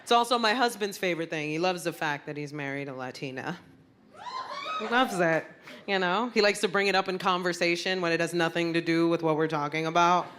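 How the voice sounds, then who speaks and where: A woman comedian doing a stand-up set, brash and animated, landing blunt punchlines. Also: on the low side, fairly quick. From Puerto Rican heritage. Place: comedy stage before a crowd. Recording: live club with loud audience laughter and noise.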